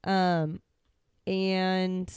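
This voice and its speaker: A woman's voice: on the low side, flat delivery, drawn-out words, a little mellow, clear, resonant tone, no echo. A woman co-hosting a podcast, chatting casually about a film in a blunt, irreverent way. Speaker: podcast co-host. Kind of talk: casual film review chat.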